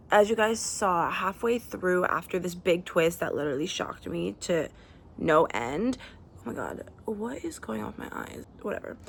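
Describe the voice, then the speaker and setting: A woman's voice: mid-range voice, creaky, fairly bright tone. A young woman book vlogger talking casually and effusively, thinking aloud with plenty of fillers while sitting outdoors on her deck. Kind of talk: casual chat.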